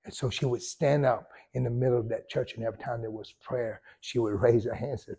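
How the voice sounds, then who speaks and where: A male pastor, preaching a sermon and telling a story with sudden loud surges and hushed drops. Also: mid-range voice, steady tone, quick pace, creaky, hardly any pauses, husky.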